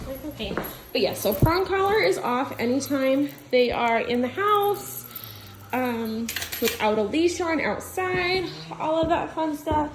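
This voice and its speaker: A woman dog trainer talking casually through a training session, switching between chatty explanations and sharp, high commands to her dog. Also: expressive, unhurried, noisy background. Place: outdoor yard.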